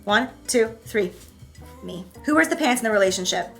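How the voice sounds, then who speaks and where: Bright, lively woman hosting a chat. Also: mid-range voice, moderate pace, vocal fry, soft background music. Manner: animated, acts out voices and stories. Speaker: host. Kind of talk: casual couple Q&A chat.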